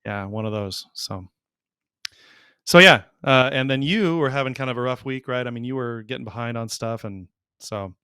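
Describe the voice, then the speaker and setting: A man's voice: mid-range voice, moderate pace, pushed and bright, smooth, dry recording. A man co-hosting a casual podcast chat with dry wisecracks. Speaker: co-host.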